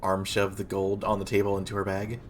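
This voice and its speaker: Low-voiced relaxed player. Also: male voice, fairly quick, slight background noise. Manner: relaxed, hesitant, lots of "like". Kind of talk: casual tabletop play.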